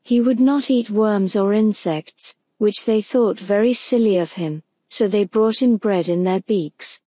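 A woman narrating a gentle bedtime story for sleep, slow and soothing. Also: medium pitch, no echo. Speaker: audiobook narrator.

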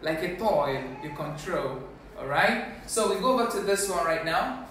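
A man teaching a diction class, slowly repeating words to show how they are said. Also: sits high, animated, fairly bright tone, slight background noise. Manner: slow, deliberate, repeats each word. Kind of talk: pronunciation lesson. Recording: very echoey room from a distance.

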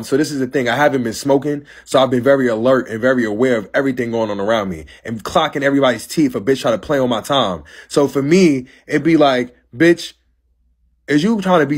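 A man's voice: mid-range voice, husky. A man in his twenties ranting casually on a live stream, brash and profane, calling someone out with sass. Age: 20s.

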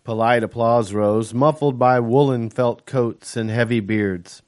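A man reading his own novel aloud as first-person audiobook narration, in a steady, measured way. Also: medium pitch.

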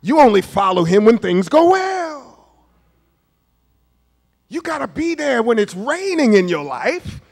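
Man, 50s, pastor preaching a sermon, high voice, very lively pitch, long reverb of a church hall. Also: unhurried, long pauses. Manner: emphatic preaching, questions to the congregation; swings from hushed asides to shouts. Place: church sanctuary.

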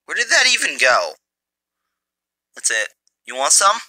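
A man giving mobile gameplay commentary through a phone's built-in mic, excitable and jokey, taunting his enemies. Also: on the high side, measured pace, no echo. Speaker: gamer.

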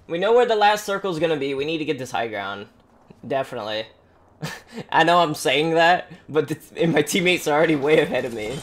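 Animated high-voiced man commenting gameplay. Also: a little fast. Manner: animated, taunts enemies, talks to himself. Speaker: gaming streamer.

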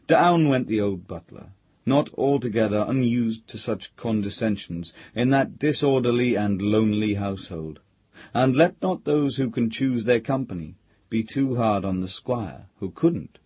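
A man reading a classic ghost story aloud, in measured storytelling narration. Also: on the low side, expressive, slightly rough, no echo, lo-fi sound. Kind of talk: scripted audiobook narration.

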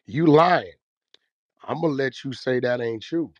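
A man's voice: mid-range voice, a little slow, no echo. A man hosting a casual, profane group chat and telling stories in a brash, laughing way. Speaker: host.

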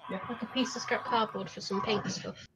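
A woman's voice: mid-range voice, fairly even intonation, normal speed, noisy background. A young adult woman streaming a game, talking in casual, chatty bursts and laughing easily. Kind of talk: casual gaming chat.

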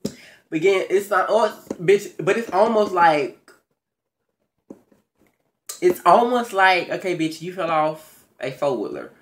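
A man hosting his own video channel, giving a casual, profane, animated recap of a reality show, with big jumps in pitch and loudness and excited stammers. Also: takes it slowly, pauses often, slight background noise. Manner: stammers and restarts when excited. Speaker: YouTube show recap host.

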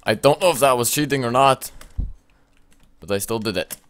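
A young man commenting on his gameplay, excitable and often shouting at the game with mild swearing. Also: medium pitch, normal speed. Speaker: let's play gamer.

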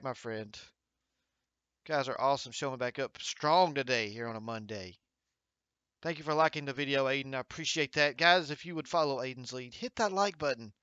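A man runs a gaming livestream from a home setup with a green screen, upbeat and encouraging as he reads viewer comments aloud. His voice is mid-range and sharp, with no echo and the high frequencies cut off.

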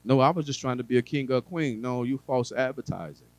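A male preacher with a mid-range voice delivers a sermon to his congregation in a conversational way, full of humor and asides. He swings from quiet, drawn-out phrases to loud emphasis. The audio is poor and dry.

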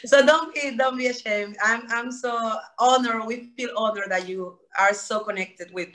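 A woman from Panama speaks English with a Panamanian Spanish accent, sometimes choosing unusual phrasing. She sounds enthusiastic, with a slightly high, bright and forceful voice. She is talking over a video call. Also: a little slow. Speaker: human rights advocate. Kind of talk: casual video-call interview.

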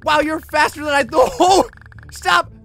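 A creepy old school janitor, sinister and gloating, as a man plays him for a video game. The voice is pitched a little up and sounds bright and tense. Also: measured pace, creaky, soft background music, exaggerated voice. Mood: panicked.

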